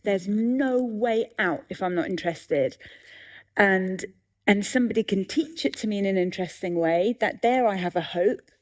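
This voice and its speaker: A woman in her fifties talks in a live festival conversation. She tells stories with a quick, self-mocking humour. Her voice sits at an ordinary middle pitch. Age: 50s. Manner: lively, self-mocking storyteller. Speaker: guest comedian and author.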